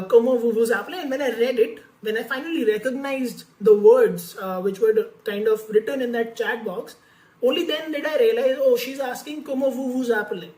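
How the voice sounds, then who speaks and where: A woman's voice: fairly high pitch, darkish tone, roomy sound, low-quality recording. A woman vlogger telling a candid personal story about learning French, talking casually with many fillers and restarts.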